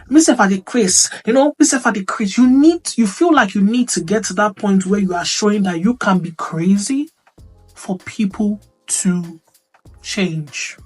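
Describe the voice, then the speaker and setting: A woman giving an earnest motivational talk. She repeats her points and keeps checking that the listener understands. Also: mid-range voice. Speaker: speaker on womanhood.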